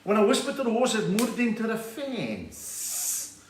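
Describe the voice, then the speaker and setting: A man's voice: high-pitched, wildly swooping pitch, unhurried, echoey room, distant mic, a little hiss or hum, pitched above the performer's own voice, heavily acted. A man voicing an exasperated jockey who exclaims indignantly. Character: exasperated male jockey, young adult.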